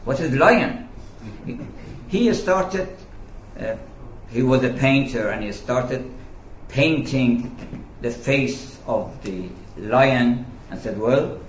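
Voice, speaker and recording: A man giving a storytelling lecture about Sufi teaching, slow and deliberate with hesitations, in an echoey, lo-fi recording. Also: medium pitch, animated, slight background noise. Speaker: speaker on Sufism. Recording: echoey, dull lo-fi room recording.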